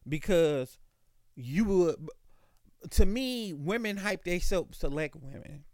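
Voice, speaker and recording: A man's voice: fairly high pitch, lively intonation, a little slow, dry recording, studio quality. A man hosting a podcast on his own, telling stories in a loose, profane, slangy way. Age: adult, calls himself an old dog. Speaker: podcast host. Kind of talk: casual solo podcast monologue.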